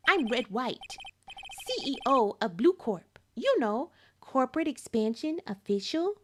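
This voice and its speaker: A man's voice: very high-pitched, big pitch swings, measured pace, noisy background, full character voice. A woman reading the lines of an arrogant, condescending male corporate CEO from a video game in her own everyday voice. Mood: haughty. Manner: pompous, condescending.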